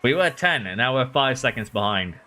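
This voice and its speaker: A man streaming a racing management game, talking excitedly to his drivers and reading chat. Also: mid-range voice, a little fast. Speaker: gaming streamer. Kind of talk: live game commentary.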